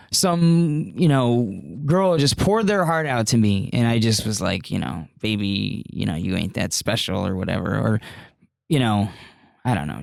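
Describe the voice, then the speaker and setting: A man's voice: mid-range voice, creaky, no echo, studio quality. A young man telling a party story in casual chat, rambling and profane, full of fillers. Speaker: podcast guest.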